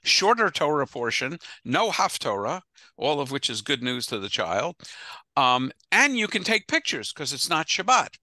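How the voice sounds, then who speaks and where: A man leads an adult study class as its rabbi, talking over a video call. His voice is very bright and sits close and dry, with no room around it. He speaks casually and digresses often. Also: a little high, big pitch swings, moderate pace, dry recording. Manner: chatty, digressive, laughs easily. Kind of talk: casual adult-education lecture.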